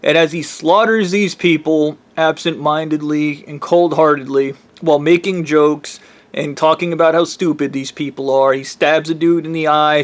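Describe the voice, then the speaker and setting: Profane, rambling male storyteller. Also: fairly high pitch. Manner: profane, blunt.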